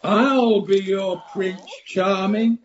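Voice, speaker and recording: A woman's voice: medium pitch, fairly even intonation, very slow. A woman voicing a young male frog prince in an amateur radio play, theatrical and pleading. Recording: slightly muffled radio play recording.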